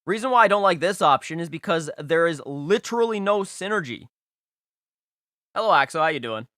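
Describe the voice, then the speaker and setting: A man's voice: on the high side, animated, brisk, bright, forceful tone, dry recording, studio quality. A young man hosting a live stream, rating viewers' game teams in casual, emphatic and playful commentary, repeating phrases for stress.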